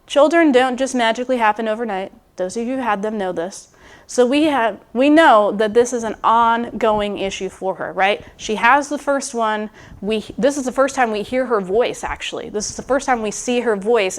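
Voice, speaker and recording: A woman preaching a sermon in an informal, musing way, with restarts and asides, sometimes speaking a biblical character's thoughts aloud. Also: fairly high pitch. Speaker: guest preacher. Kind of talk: conversational sermon.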